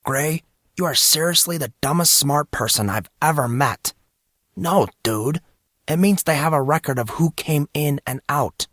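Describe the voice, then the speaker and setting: A man's voice: a little high, animated, measured pace, fairly bright tone, a little hiss or hum, voice pushed up. A man voicing a brash, cocky teenage boy who talks in a teasing, exasperated way.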